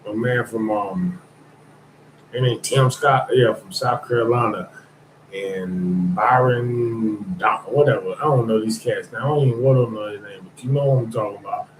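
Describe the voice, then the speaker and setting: A man's voice: on the low side, normal speed, slight background noise. Blunt, rambling man on a podcast. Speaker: podcast host. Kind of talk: casual podcast monologue. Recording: echoey room.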